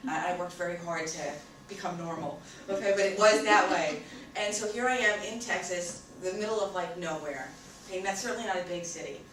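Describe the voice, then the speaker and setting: A woman's voice: on the low side, a little fast, hardly any pauses. New York woman telling a story in an echoey hall. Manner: animated, acts out both sides of the story. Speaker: speaker on communication. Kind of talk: storytelling talk to an audience. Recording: distant echoey room with noise.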